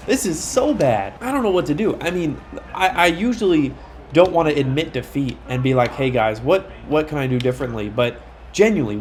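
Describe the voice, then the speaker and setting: A young man narrating his own football video game match, talking through plays and groaning loudly when they go wrong. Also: mid-range voice, slight background noise. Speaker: gaming YouTuber. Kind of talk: live game commentary.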